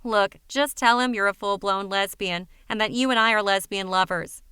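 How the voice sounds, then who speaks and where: A woman's voice: mid-range voice, normal speed, bright, forceful tone, smooth, dry recording, close to an everyday voice. A woman voicing a wry, neurotic young woman in a dry manner in an audiobook reading.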